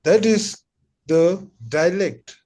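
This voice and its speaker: A man's voice: high-pitched, very slow, warm tone. A man teaching pronunciation in an online lesson, patiently repeating syllables for students. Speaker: Tibetan language teacher.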